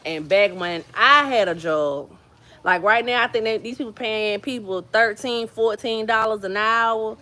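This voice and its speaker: A New Jersey woman hosts a livestream as a vlogger, chatting casually with viewers, telling stories and greeting people by name. Her voice is on the high side, sharp-toned and measured in pace.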